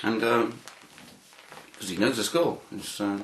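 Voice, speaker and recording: A man, interviewed and telling anecdotes in an animated way, often repeating words as he starts a phrase. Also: fairly low pitch, a little slow, echoey room, slight background noise. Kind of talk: anecdotal storytelling.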